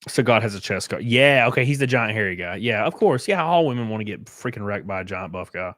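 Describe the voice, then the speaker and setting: A man hosting a casual live stream, joking crudely and thanking viewers by name, jumping from loud outbursts to quiet muttering. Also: lowish voice, animated, fast talker, no echo, studio quality. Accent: Southern American. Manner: crude, joking, reads and thanks super chats aloud. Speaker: livestream host.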